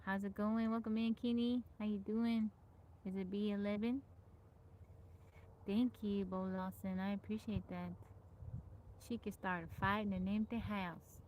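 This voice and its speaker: A woman's voice: medium pitch, steady tone, a little slow, long pauses, muffled recording, a little hiss or hum. A woman hosting a casual livestream, reading out folksy old sayings and greeting viewers by name. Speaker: livestream host.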